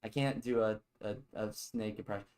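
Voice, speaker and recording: A man's voice: fairly low pitch, fairly even intonation, moderate pace, darkish tone, poor audio. A young man streaming casual live gameplay commentary, rambling and joking as he chats with his viewers.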